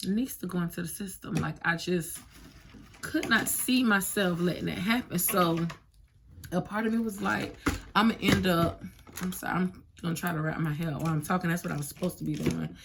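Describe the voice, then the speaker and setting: A woman in her thirties tells a personal story straight into her phone at home, rambling and full of fillers, her feelings close to the surface. Her voice sits low and has a gravelly edge. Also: animated, a little fast, noisy background. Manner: casual, emotional storytelling with many fillers. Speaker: vlogger.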